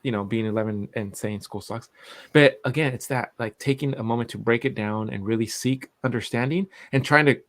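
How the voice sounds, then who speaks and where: A man's voice: mid-range voice, brisk, a bit bright, no echo. A man in his forties, co-hosting a podcast, telling a long family story in a rambling way with lots of restarts and fillers. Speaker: podcast co-host. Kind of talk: casual chat.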